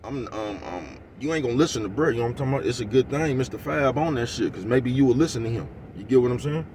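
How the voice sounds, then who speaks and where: A man's voice: mid-range voice, expressive, quick pace, far from the mic, slight background noise. A man ranting casually to his viewers in heavy slang, rambling and laughing, often asking if you know what he's talking about. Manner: laughs often, gets loud and heated. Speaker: vlogger. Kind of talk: casual rant to camera.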